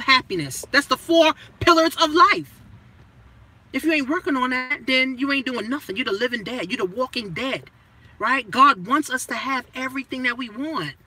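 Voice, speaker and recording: Woman money coach, motivational rant, profane and emphatic, bright and husky. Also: sits high, low-quality recording. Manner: blunt and profane, with repeated rhetorical questions; punchy, emphatic phrasing that swings between loud and hushed.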